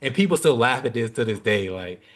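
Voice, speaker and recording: A man's voice: mid-range voice, brisk. A young man chatting casually as a podcast guest, telling a story with lots of slang and swearing. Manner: animated, slangy, swears freely.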